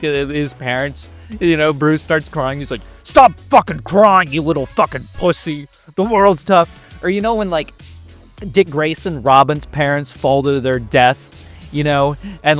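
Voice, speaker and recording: A man giving a profane, mocking reaction commentary, laughing between insults. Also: a little high. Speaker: commentary youtuber.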